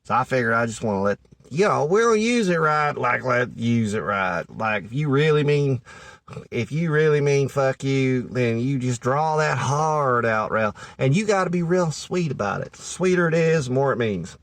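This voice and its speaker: A man's voice: mid-range voice, animated, normal speed, dry recording, close to an everyday voice. A man playing a folksy Southern good ol' boy with a Southern US accent, rambling through dating advice in a comedic monologue. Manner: rambling, folksy, full of "you know".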